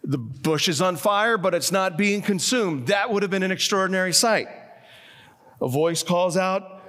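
A man preaching a sermon, swinging between hushed, low passages and emphatic, raised lines. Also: expressive, moderate pace, big-room sound.

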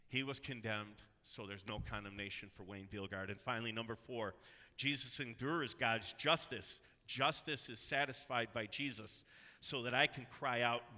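A man preaching a sermon as pastor, earnest and building to loud, emphatic cries. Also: mid-range voice, fairly even intonation, unhurried. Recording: long hall reverb.

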